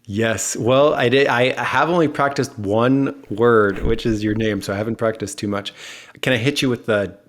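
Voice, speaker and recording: A man's voice: medium pitch, steady tone, normal speed. A man with an American accent hosting a podcast in a casual, upbeat, joking way. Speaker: podcast host.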